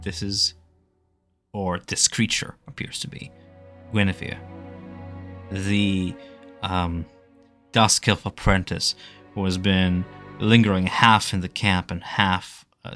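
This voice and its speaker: Guy running a tabletop game, lower voice, describing stuff with lots of ums. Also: fairly bright tone. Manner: descriptive narration with hesitations. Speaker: game master.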